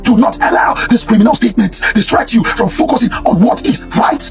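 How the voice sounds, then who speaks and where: A man with a hoarse, worn voice, ranting in a repetitive, preachy reaction commentary. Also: very high-pitched, expressive, fairly quick, faint music behind. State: hoarse, lost voice.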